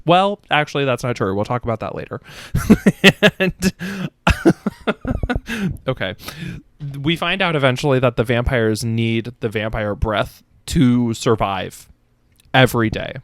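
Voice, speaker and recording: Smooth-voiced man rambling through a review. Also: mid-range voice, no echo, clean studio sound. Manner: rambling, profane, self-mocking, quick asides. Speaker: podcast host. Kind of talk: casual comedic book review.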